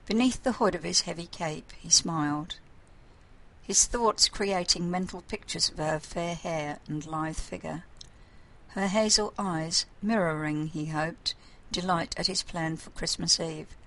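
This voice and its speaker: A woman reads a story aloud in a calm, measured way. Her voice sits fairly low, and her pacing is steady and unhurried. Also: low-quality recording. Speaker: narrator. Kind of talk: storybook reading.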